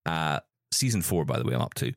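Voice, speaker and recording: A man's voice: extremely low pitch, quick pace, vocal fry, no echo, clean studio sound. A man hosting a tech podcast in casual, jokey chat with his guests. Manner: chatty, jokey, animated. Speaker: podcast host.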